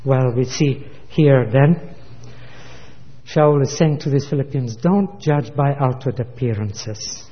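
A man's voice: mid-range voice, takes it slowly, in a large hall, dull audio. A man preaching a sermon, retelling stories and quoting voices with feeling. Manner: storytelling with acted quotes.

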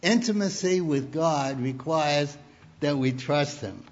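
Male preacher, slow deliberate sermon delivery, lo-fi muffled sound. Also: on the high side. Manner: deliberate, storytelling with humor.

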